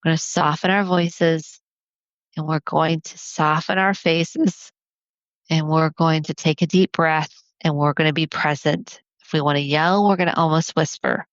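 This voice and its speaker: A woman hosting a podcast as a family therapist, talking earnestly and encouragingly, counting off her points slowly. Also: low voice, steady tone, dry recording, lo-fi sound. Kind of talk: solo podcast talk.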